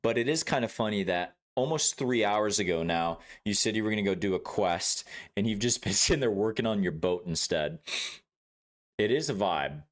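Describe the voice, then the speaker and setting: A man's voice: on the low side, moderate pace. A man casually chatting with viewers during a gameplay livestream, swearing freely, laughing and greeting chat by name.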